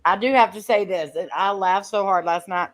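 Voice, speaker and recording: A woman hosting a casual live-stream panel, chatty and quick to laugh as she tells stories. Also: mid-range voice, rough recording. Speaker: host.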